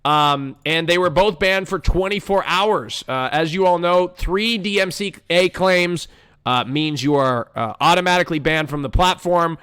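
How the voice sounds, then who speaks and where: A man's voice: on the high side, moderate pace, fairly bright tone, smooth. A young man hosting a casual group podcast, rambling through topics with playful emcee patter and many fillers. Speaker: podcast host.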